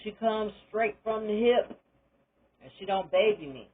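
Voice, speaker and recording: Husky older woman giving candid testimony. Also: medium pitch, lively intonation, unhurried, narrow, tinny audio. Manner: candid, emphatic, preacherly encouragement. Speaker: retired teacher sharing her story. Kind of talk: personal testimony monologue.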